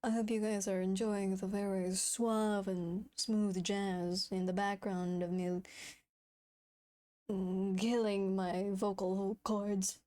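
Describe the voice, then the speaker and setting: A woman's voice: medium pitch, level tone, takes it slowly, dark tone. A young woman chatting on a livestream as a VTuber, frantic, swearing and giggling often. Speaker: VTuber streamer. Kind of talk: casual livestream chat.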